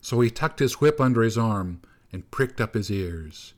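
A man reading a folk tale aloud in a measured storybook narration. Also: fairly low pitch, lively intonation. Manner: slow, measured, hushed at times.

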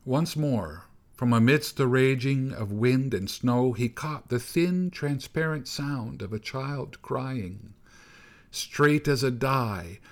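A man reading a folk tale aloud in a measured storybook narration. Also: fairly low pitch. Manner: slow, measured, hushed at times.

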